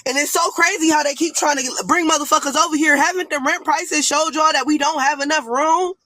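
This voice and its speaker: A woman with an African American English accent, appearing as a guest on a live stream panel, delivers a blunt, profane, rambling rant. Her voice is high and sharp, steady in tone, a little fast, with hardly any pauses, and the recording is dry.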